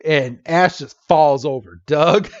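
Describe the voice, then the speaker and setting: A man's voice: fairly high pitch, takes it slowly, lo-fi sound, a crowd in the background. A man co-hosting a podcast, recapping a cartoon episode in a casual, comedic way and often acting out the characters' lines. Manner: animated, laughs often, acts out characters' lines. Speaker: podcast co-host.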